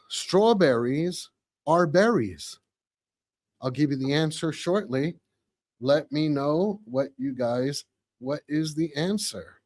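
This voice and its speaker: A man in his forties hosting a podcast live, chatting casually with viewers, reading comments and repeating phrases excitedly. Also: fairly high pitch, no echo. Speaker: podcast host.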